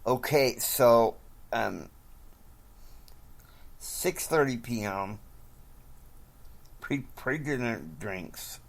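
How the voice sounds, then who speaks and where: A man's voice: medium pitch, animated, extremely slow, vocal fry, pauses often. A man casually narrating an invented drama, rambling through it scene by scene. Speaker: storyteller.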